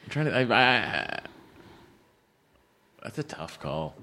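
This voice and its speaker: A man's voice: mid-range voice, big pitch swings, slow, sharp tone. Dry-quipping male podcast co-host. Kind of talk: casual comedy podcast chat.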